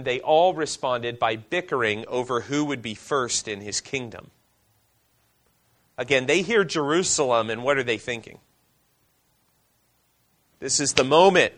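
A male pastor preaching a sermon, reading scripture aloud and asking the congregation questions, slowing down for emphasis. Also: medium pitch, a bit bright.

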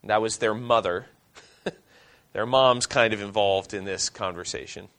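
A male pastor preaches a sermon, reading scripture aloud and questioning the congregation, slowing down when he wants emphasis. His voice is on the low side and a bit bright.

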